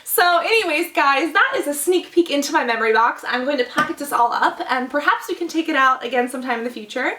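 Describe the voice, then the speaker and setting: Gushing young woman vlogger, high and bright. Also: expressive, fast, few pauses, reverberant, distant mic, a little hiss or hum. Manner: gushing, chatty, full of likes and oh-my-gods. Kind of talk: casual chat.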